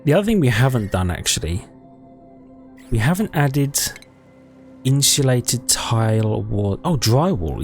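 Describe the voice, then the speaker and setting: A man's voice: medium pitch, big pitch swings, unhurried, pauses often, a little mellow, soft background music. A man giving casual let's-play commentary, thinking aloud in a chatty way and correcting himself as he goes. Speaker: gaming YouTuber.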